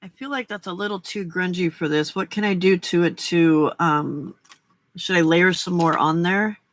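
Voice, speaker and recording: A woman's voice: on the low side, moderate pace. A woman hosting a casual late-night crafting livestream, chatting with viewers and her cats between giggles.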